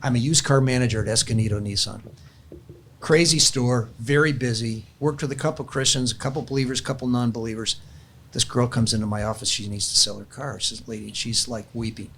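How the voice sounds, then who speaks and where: A man's voice: mid-range voice, fairly even intonation, fairly quick, a bit bright, breathy edge. A man, older in years, earnestly sharing a personal faith story in casual chat, with frequent restarts. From California.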